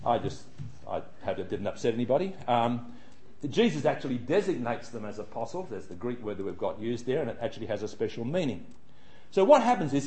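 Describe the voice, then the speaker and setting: A man leads a Bible study in a chatty, wandering way, often restarting his sentences. His pitch swings widely, with lots of lift and drop. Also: darkish tone, slight background noise. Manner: chatty, digressive, frequent restarts.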